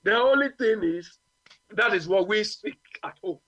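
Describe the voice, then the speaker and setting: A man's voice: high voice, lively intonation, normal speed, bright, forceful tone, dry recording, low-quality recording. A man from Ghana with a Ghanaian accent, arguing his views on a radio talk show and often asking "you understand?". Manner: emphatic, repeats "you understand?". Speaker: radio guest.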